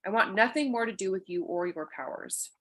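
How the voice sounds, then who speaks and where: A woman's voice: mid-range voice, fairly quick, a bit bright, natural voice. A woman voicing a frightened male rabbit in a read-aloud fable, fearful and pleading.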